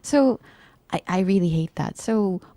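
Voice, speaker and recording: Gravelly earnest woman. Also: lowish voice, lively intonation, measured pace, warm tone, dry recording, studio quality. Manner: earnest, preachy, faith-based encouragement. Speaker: podcast co-host. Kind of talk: casual heartfelt chat.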